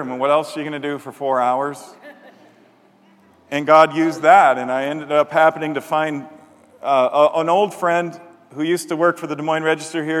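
A man's voice: on the high side, fairly bright tone. A man pastor preaching a sermon, telling a story and acting out the voices he quotes with animation. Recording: long hall reverb.

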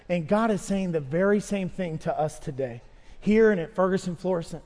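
Male pastor, 30s, high voice, pleading sermon style, long hall reverb. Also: normal speed, darkish tone. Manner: impassioned, pleading preaching. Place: church sanctuary with long reverb.

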